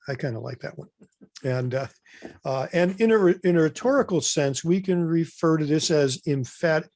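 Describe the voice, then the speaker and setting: A man's voice: on the high side, darkish tone, dry recording. Chatty man presenting a webinar, dry sound. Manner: loose and conversational, with many fillers and restarts.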